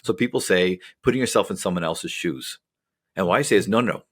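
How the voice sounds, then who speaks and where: Low husky man explaining at a fast clip. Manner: rambling, filler-heavy explaining with tangents. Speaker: podcast co-host, psychologist. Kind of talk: casual podcast chat.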